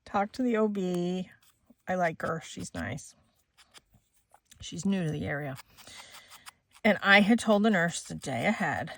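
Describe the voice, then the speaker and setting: Woman, 40s, vlogger; lively pitch, casual storytelling, acts out quotes, laughs often. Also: no echo. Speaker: crafting vlogger.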